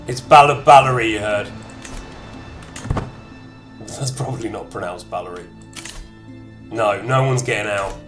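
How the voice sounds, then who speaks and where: A man's voice: fairly low pitch, unhurried, long pauses, fairly bright tone, faint music behind. A man streaming a strategy game, chatting casually and reacting in short bursts to chat and menus. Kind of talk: casual gameplay commentary.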